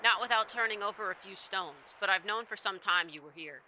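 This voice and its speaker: Gloating male villain scientist, smug, read by a woman, sharp bright voice. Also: mid-range voice, fairly quick, a little hiss or hum, rough recording.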